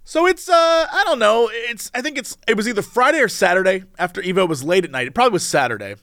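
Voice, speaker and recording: A man with a high, bouncy voice co-hosts a podcast and tells stories in loose, rambling chat. His pitch jumps around a lot as he gets into the tale. He is recorded close and dry, with no room around him. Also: fast, no echo. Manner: animated, rambling storyteller. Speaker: podcast co-host. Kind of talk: casual chat.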